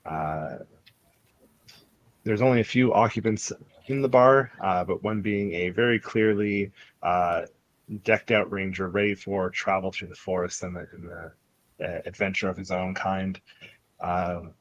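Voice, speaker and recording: Laid-back low-voiced game master. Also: male voice, fairly even intonation, measured pace, lo-fi sound. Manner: laid-back, many "uh" fillers, chuckling often. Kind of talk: narrating a tabletop game. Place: convention stream setup.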